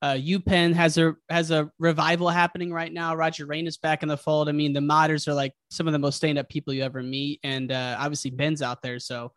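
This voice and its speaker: A man's voice: fairly high pitch, little pitch movement, brisk, few pauses, a bit bright, no room sound, clean studio sound. A male host chatting casually and enthusiastically, with a slangy way of talking. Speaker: podcast host. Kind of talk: casual interview chat.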